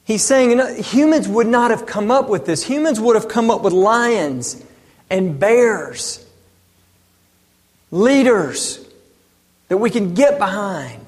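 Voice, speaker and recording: A man in his thirties delivers a sermon with a fairly high voice. He builds his points through rhetorical questions and emphatic delivery. His voice rings out with the long reverb of a large hall. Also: animated, slow, long pauses. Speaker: pastor.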